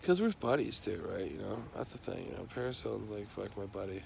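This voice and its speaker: Gravelly low-voiced man rambling, swearing. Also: expressive, fast talker, darkish tone, slight background noise. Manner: rambling, heavy swearing, many fillers and restarts. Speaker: rambling monologue speaker. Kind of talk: casual rambling monologue.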